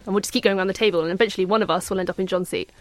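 A woman co-hosting a comic radio show, reading listener messages in a quick, matter-of-fact way. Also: medium pitch, fairly even intonation, no echo, faint music behind. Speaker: radio co-host.

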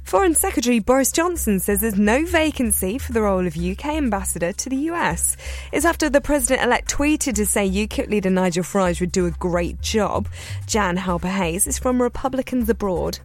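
A woman's voice: mid-range voice, expressive, fairly quick, soft background music. A woman reading a radio news bulletin, then bantering and laughing with her co-host. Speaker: newsreader.

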